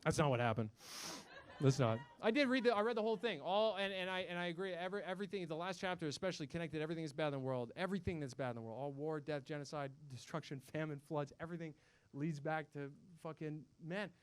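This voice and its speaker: A man's voice: a little high, fast talker, clean tone. A young man performing a self-mocking stand-up set in a comedy club, swearing and acting out voices.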